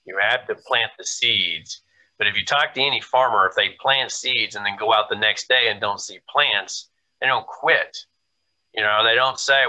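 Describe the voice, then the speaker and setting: Bright-voiced man explaining earnestly. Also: medium pitch, moderate pace, poor audio. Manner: earnest, explanatory, uses analogies. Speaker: host. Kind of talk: business talk to agents.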